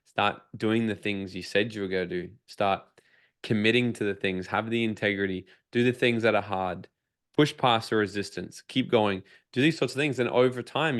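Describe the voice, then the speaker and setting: A man's voice: on the low side, a bit bright. A man telling a personal story as a podcast guest, swearing freely, acting out his own inner dialogue and turning it into motivational advice. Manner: profane, emphatic motivational storytelling. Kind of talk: casual storytelling interview.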